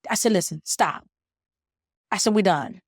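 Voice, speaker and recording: A woman's voice: medium pitch, moderate pace, no echo, studio quality. A middle-aged woman, a mother and podcast guest, earnestly filling in details of her son's story in casual talk. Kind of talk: casual conversation.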